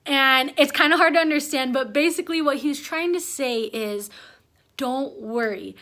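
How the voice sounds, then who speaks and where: A woman's voice: sits high, moderate pace, bright, forceful tone. A young woman, a first-time mom, chatting to the camera at home in a rambling, emotional, heartfelt way. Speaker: mom vlogger. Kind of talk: casual chat to camera. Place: at home with her baby.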